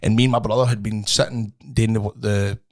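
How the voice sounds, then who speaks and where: A man's voice: fairly low pitch, level tone, brisk. A Scottish man, a podcast co-host, chatting casually and telling stories. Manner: storytelling, laughing often. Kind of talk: casual chat.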